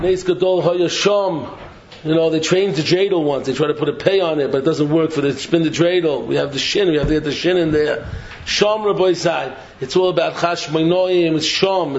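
A man giving a Torah sermon, animated and mocking, laughing through his points, throwing out rhetorical questions and repeating himself. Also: a little high, background noise. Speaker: Torah teacher. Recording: dull lo-fi recording.

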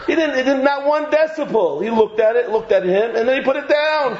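A man giving a lively Torah lecture, joking and mixing Hebrew terms into English. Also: extremely high pitch, fairly quick, few pauses. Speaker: rabbi giving a Torah class. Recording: echoey room, slightly dull sound, faint noise.

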